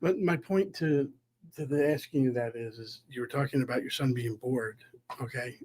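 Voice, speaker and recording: A man hosting a podcast, with a middle-pitched voice. He asks his follow-up question in an easy, conversational way. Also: normal speed, darkish tone, rough recording.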